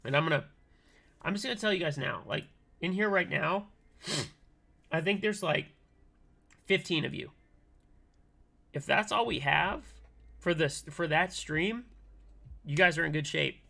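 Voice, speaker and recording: Very gravelly, hoarse male streamer. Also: fairly high pitch, a little slow, pauses often. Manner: relaxed and thankful, many ums and laughs. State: hoarse, losing his voice. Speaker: keyboard-building livestreamer. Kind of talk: casual livestream wrap-up chat.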